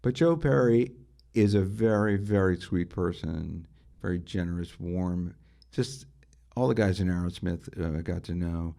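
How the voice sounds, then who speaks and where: Deep, gravelly middle-aged man telling stories. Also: measured pace, mellow. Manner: enthusiastic anecdotes, full of rhetorical questions. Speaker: interview guest, guitarist and music writer. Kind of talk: storytelling in a conversational interview.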